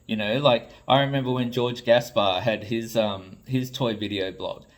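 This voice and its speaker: A man's voice: mid-range voice, fairly even intonation, moderate pace. An Australian man, a toy designer, ranting to camera in an exasperated, blunt way and swearing freely. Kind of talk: ranting vlog commentary.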